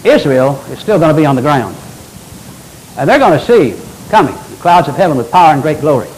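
An older man preaching a sermon as pastor, with animated delivery and folksy asides. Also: on the high side, a little fast, a little hiss or hum, poor audio.

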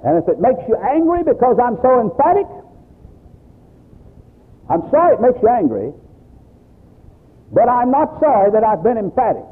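Male pastor, emphatic preacher, animated delivery, husky tone, lo-fi tinny recording. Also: extremely high pitch, normal speed, pauses often. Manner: emphatic preaching, quoting scripture. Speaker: Baptist pastor. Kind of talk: sermon. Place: church service.

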